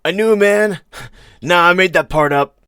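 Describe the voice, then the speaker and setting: A man voicing a young man who puts on a slow, playful fake Southern American drawl. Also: high voice, background noise, pitched above the performer's own voice, close to an everyday voice. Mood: joking.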